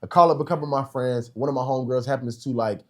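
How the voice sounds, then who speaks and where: Young male podcast guest, husky, rapid-fire animated storyteller. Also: mid-range voice. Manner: animated storyteller, acts out other voices. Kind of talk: casual storytelling.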